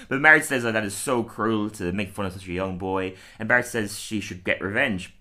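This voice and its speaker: Podcast host, man, bright tone, loose rambling recap full of fillers. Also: on the low side, normal speed. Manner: rambling, laughs often, many fillers. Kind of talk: casual chat recapping a cartoon episode.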